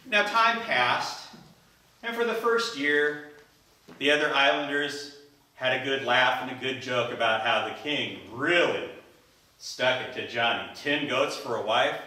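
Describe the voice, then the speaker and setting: A man giving a told story speech at a speaking club, animated, acting out characters, recorded in an echoey room from far off. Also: mid-range voice, measured pace. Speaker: Toastmasters speaker.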